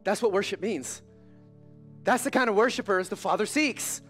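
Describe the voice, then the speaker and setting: A male pastor delivers a sermon in a high, lively voice, talking to the congregation like friends and slipping in jokes. His delivery is animated and conversational, and faint music sits underneath. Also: moderate pace. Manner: animated, conversational, joking preacher. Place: church service.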